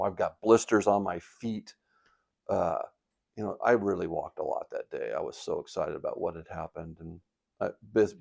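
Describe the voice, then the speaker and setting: An older man in retirement telling a personal story on his video blog, reflective and halting with a touch of emotion, sitting by a fire at home. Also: deep voice, creaky, warm tone. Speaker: vlogger. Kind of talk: casual storytelling. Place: indoors by a fireplace at home.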